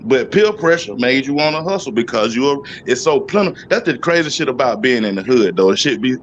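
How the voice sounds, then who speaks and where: A man with a middle-range voice talks in a relaxed, unhurried way during a casual chat. He swears easily and stretches his thoughts into long, loose sentences. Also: mid-range voice, muffled recording, a little hiss or hum. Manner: laid-back, profane, drawn-out commentary.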